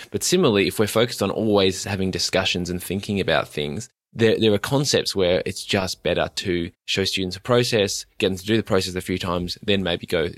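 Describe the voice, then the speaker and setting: A man's voice: deep voice, no room sound, clean studio sound. A man hosting a casual interview about teaching, enthusiastic and thoughtful, in long winding sentences. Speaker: podcast host, teacher.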